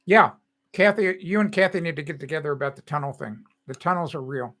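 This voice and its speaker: An American man in his sixties hosts a live stream, rambling casually as he reads chat comments and answers them. He talks briskly, with a fairly high pitch and a fairly bright tone.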